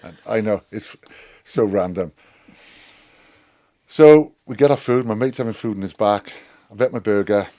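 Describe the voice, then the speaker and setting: A man's voice: on the low side, normal speed. A middle-aged man telling a rowdy, sweary anecdote as a podcast guest. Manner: animated, sweary storyteller. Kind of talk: storytelling anecdote.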